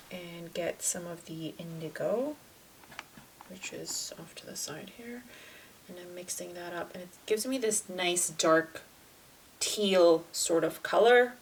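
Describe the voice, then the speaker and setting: Low, gravelly-voiced woman teaching painting. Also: slight background noise, poor audio. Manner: talks softly while painting, dropping to near-whispers; chatty and relaxed, with fillers and self-corrections. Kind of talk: casual painting tutorial.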